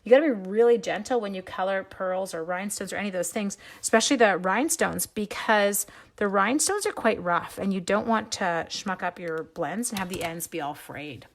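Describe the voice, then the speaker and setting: A woman's voice: medium pitch, a little fast. A woman from Canada hosting a live card-stamping stream, chatting as she works and thanking viewers by name. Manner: chatty, warmly addresses viewers as "my dears". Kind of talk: live craft demo chat.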